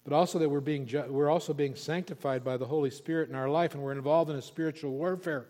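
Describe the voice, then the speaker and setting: A pastor preaching an expository sermon, emphatic and repeating key words for stress. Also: male voice, fairly high pitch, steady tone, fast talker, darkish tone. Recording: long reverb of a large hall.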